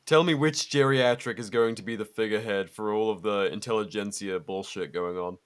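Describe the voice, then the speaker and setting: A man's voice: on the low side, moderate pace, clean tone. A young man co-hosting a podcast in casual chat, laid-back, swearing often, with lots of fillers and laughs. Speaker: podcast co-host.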